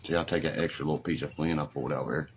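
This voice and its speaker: Deep-voiced man rambling live. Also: fairly even intonation, rapid-fire, noisy background. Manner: rambling, profane, drawling, full of fillers. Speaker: livestreamer. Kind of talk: casual live-stream chat.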